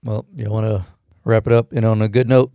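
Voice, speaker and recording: A man's voice: on the low side, flat delivery, a little fast, vocal fry, mellow, dry recording, studio quality. A man co-hosting a podcast, talking loosely with lots of swearing and jokes. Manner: loose, profane, joking. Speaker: podcast co-host. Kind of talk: casual podcast chat.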